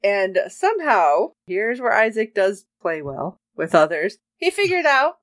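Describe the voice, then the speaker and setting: Woman, podcast co-host, casual episode recap, acts out characters' lines, very expressive pitch, dry close sound. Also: measured pace, hardly any pauses, no room sound. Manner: animated storytelling, acting out characters' lines with jokey asides. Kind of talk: casual chat.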